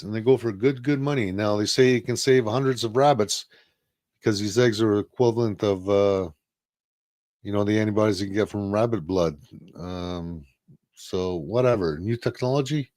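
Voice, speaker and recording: A man's voice: lowish voice, normal speed, darkish tone, dry recording, clean studio sound. A man co-hosting a casual live-stream talk show, blunt and profane, firing off rhetorical questions. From Canada.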